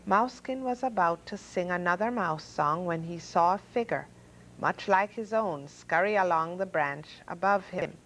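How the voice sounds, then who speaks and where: Expressive woman reading storybooks aloud, slow. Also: on the low side, a little hiss or hum, rough recording. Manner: expressive, sound effects and voices for animals. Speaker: storyteller host. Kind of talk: reading children's stories aloud.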